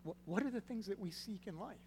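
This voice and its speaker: A man preaching a sermon, stressing key words loudly and then dropping to a hushed, low delivery. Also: lively intonation, brisk. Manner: swings from loud emphatic stresses to hushed low phrases. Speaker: pastor. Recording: long reverb with faint hum.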